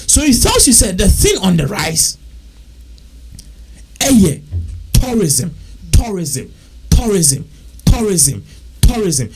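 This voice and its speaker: A man's voice: sits high, big pitch swings, measured pace, pauses often, a little mellow, slight background noise. A man with a Ghanaian accent, talking casually and repetitively, working through figures aloud. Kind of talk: casual talk mixing English and Twi.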